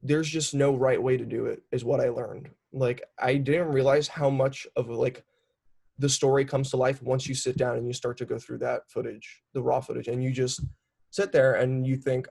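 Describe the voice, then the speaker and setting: A man's voice: medium pitch, moderate pace, gravelly, slightly rough. A young man in his twenties, a documentary filmmaker, talking casually in an interview with many "like" fillers. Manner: chatty, lots of "like" fillers, animated storytelling.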